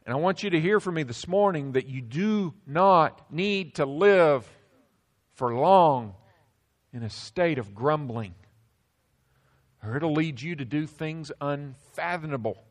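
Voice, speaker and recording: A male pastor preaching a sermon, swinging between loud emphasis and sudden hushed drops. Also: a little high, animated, slow, long pauses.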